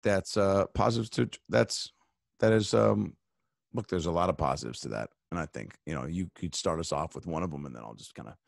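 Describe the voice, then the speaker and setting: This guest comedian riffs on a casual podcast in rambling, foul-mouthed bursts full of fillers. He talks fairly quickly in a low voice with vocal fry, captured cleanly in a studio with no echo.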